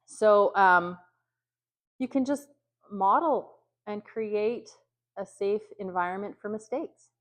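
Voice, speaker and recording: A woman's voice: medium pitch, slow. A woman leading a training session for youth workers, talking conversationally with many ums and acting out example phrases. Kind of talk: training talk.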